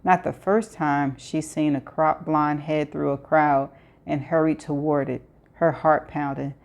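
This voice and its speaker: Low-voiced woman reading a novel aloud. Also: vocal fry, darkish tone. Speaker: audiobook reader.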